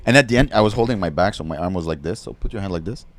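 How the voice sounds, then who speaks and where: A young adult man, a stand-up comedian hosting a podcast, telling profane stories in an animated, brash way. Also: low voice, racing. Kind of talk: casual storytelling chat.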